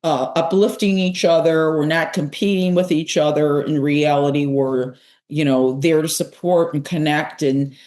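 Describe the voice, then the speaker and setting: A woman's voice: sits low, fairly even intonation, normal speed, darkish tone. An older woman co-hosting a casual fashion chat, talking in a rambling, playful way. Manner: chatty, rambling, playful repetitions. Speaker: co-host, senior style icon.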